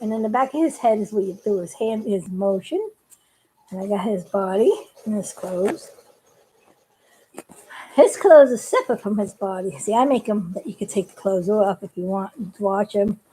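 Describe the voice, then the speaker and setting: A woman's voice: mid-range voice, lively intonation, moderate pace, dark tone, slight background noise, low-quality recording. A woman who makes puppets, chatting casually and giggling as she shows how she builds them. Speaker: puppet maker. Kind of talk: casual craft demonstration.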